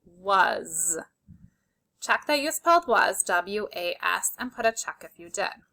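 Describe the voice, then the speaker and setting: A woman's voice: a little high, big pitch swings, unhurried, creaky, bright, forceful tone. A woman teaching a spelling lesson to young children, patiently sounding out letters and praising their work. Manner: encouraging and praising.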